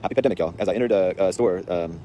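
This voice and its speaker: Rambling male vlogger, lowish voice, talk sped up hard, faint traffic around. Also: racing, warm tone. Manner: rambling and offhand, with slang and restarts. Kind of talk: casual rambling storytelling. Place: outdoors on a city street.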